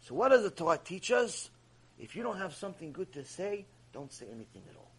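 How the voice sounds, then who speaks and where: A man teaching a Torah class, telling stories in an animated way and acting out the people in them. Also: sits high, fairly quick, husky. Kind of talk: Torah lecture with storytelling.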